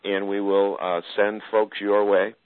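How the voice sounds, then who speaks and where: A man's voice: lowish voice, flat delivery, a little slow, dry recording, phone-quality sound. A man hosting a radio interview, joking around and slipping into an announcer voice for plugs. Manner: jokey, puts on an announcer voice for plugs. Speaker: radio show host.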